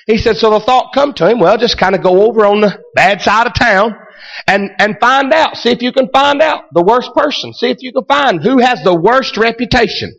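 A man preaching a sermon, telling a story that builds to shouted exclamations. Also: very high voice, expressive, moderate pace, muffled recording. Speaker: pastor.

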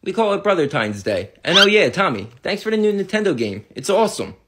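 A woman voicing a sarcastic, deadpan older teenage brother in a comedy skit. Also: fairly low pitch, fast, background noise, voice pushed down.

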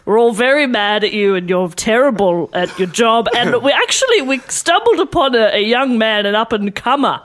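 A man's voice: very high voice, expressive, a bit bright. A man voicing a pompous middle-aged British composer in a put-on British accent, giggling and stumbling over his words as he delivers insults over the phone. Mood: mock-stern. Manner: halting, giggling through insults.

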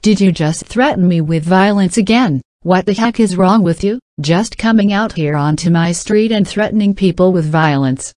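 A woman's voice: on the low side, normal speed, few pauses, a little mellow, no room sound, natural voice. A woman playing an entitled, pushy middle-aged woman who talks in an indignant, demanding, scolding way.

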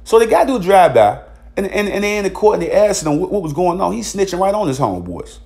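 A man's voice: high-pitched, sing-song, fast talker, gravelly, darkish tone. Frustrated man ranting bluntly. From Virginia, USA. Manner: frustrated, blunt, profane, heated; repeats filler tags. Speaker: vlogger. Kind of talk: angry commentary monologue.

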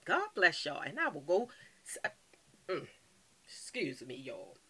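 A woman's voice: sits low, huge pitch swings, takes it slowly, bright, forceful tone, husky. A woman vlogging casually from home to her viewers, playful and calling everyone honey. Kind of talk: casual video chat to viewers.

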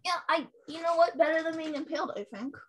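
A woman's voice: high voice, quick pace. A woman playing in a tabletop game, casual, playful and giggly, teasing the others as she takes her turn. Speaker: player.

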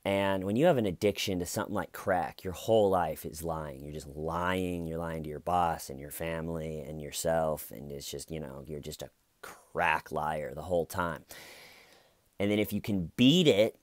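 A man's voice: very deep voice, normal speed, no echo. A man giving casual, blunt and sardonic commentary on a true crime case.

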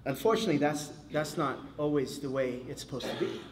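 A man leading a men's Bible study in an animated, casual way, acting out quotes as he teaches. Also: on the high side, quick pace, background noise. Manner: animated, casual, acts out quotes, many fillers.

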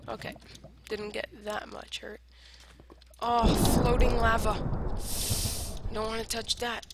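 A woman giving casual gameplay commentary, rambling in silly self-talk and arguing with herself, swinging between whispered asides and loud outbursts. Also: fairly high pitch, little pitch movement, slow. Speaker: gamer playing online survival matches. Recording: noisy home recording with clicks.

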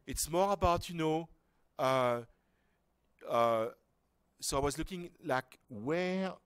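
A French man gives an informal lecture to a workshop class in a mid-range voice, recorded with no room sound. He talks casually and rambles, with restarts, asides, and rhetorical questions.

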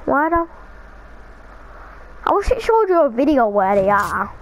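A young woman chatting casually while playing an online game, excitable and jumpy, with squealing reactions. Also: high-pitched, a little slow, slight background noise, poor audio. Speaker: gamer. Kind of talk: casual gaming chat.

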